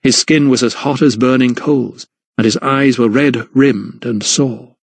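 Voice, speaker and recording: A man narrating a historical mystery audiobook in a measured, even storytelling voice. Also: mid-range voice, vocal fry, no echo. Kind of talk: scripted narration.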